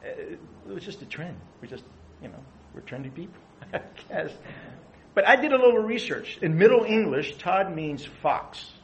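A man's voice: high-pitched, sing-song, normal speed, dull audio. A middle-aged man preaching a conversational sermon, asking his listeners questions. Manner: conversational, asks the audience questions. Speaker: pastor.

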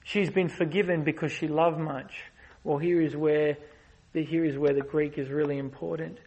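In a muffled recording, a visiting preacher whose voice sits a little high gives a sermon in a steady tone. He rises to loud, passionate peaks, then eases into soft, slow explaining, earnest and driving throughout.

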